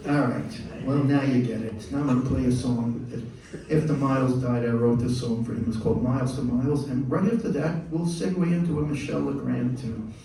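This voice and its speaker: An older man, a musician, tells stories to a live audience between songs, animated and acting out the voices of the people he quotes. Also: medium pitch, brisk, hardly any pauses. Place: live venue. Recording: echoey room, mic far off, faint noise.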